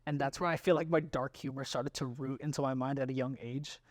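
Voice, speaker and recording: A man's voice: mid-range voice, fairly even intonation, a little fast, no room sound, clean studio sound. A young man co-hosting a podcast in casual chat, loose and laughing, full of fillers and restarts. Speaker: podcast co-host.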